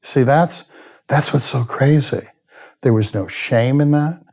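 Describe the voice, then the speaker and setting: A man's voice: mid-range voice, unhurried, vocal fry, darkish tone. A man, a guest in an interview who tells his story candidly, bluntly and with a lot of swearing, and sometimes laughs at himself. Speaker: addiction expert guest.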